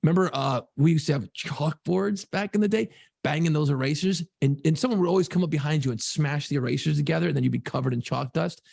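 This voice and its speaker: A man's voice: on the high side, quick pace, gravelly, a little mellow, slightly rough, no echo, studio quality. A middle-aged man co-hosting a casual podcast, telling loose, profane stories. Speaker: podcast co-host.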